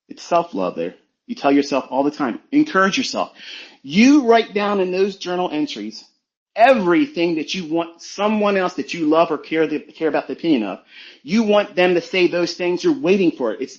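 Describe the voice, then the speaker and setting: A man's voice: on the high side, dull audio. A man giving a blunt, profane motivational talk as a trading mentor on a live audio stream.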